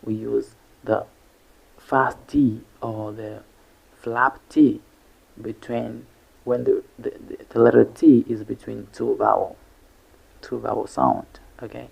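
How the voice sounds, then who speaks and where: A man teaching an English pronunciation lesson, slowly and deliberately repeating each syllable. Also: medium pitch, flat delivery, gravelly, husky. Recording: dull lo-fi recording.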